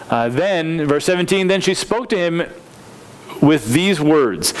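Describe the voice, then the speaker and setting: A man preaching, teaching a Bible passage verse by verse, reading scripture slowly and stopping to explain and restate his points. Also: on the high side. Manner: reads scripture slowly and deliberately. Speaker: pastor.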